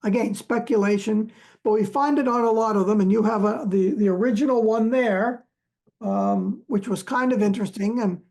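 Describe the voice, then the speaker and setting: Male archaeologist, gravelly, unhurried storyteller, hesitant with frequent fillers. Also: high-pitched, a little mellow. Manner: halting, many fillers and restarts, chuckles often. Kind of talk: relaxed storytelling chat.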